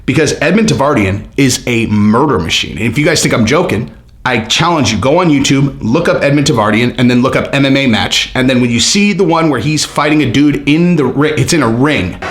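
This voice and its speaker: Animated sarcastic man, roomy echo. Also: mid-range voice, a little fast. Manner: animated, sarcastic, rambling with many fillers. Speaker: channel host reading comments. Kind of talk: casual mocking commentary.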